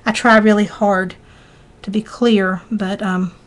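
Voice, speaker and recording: A woman's voice: medium pitch, steady tone, takes it slowly. A middle-aged woman with a Southern US accent, chatting through a live craft tutorial in a folksy way as she works. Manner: chatty, folksy, talks while working. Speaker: craft demonstrator.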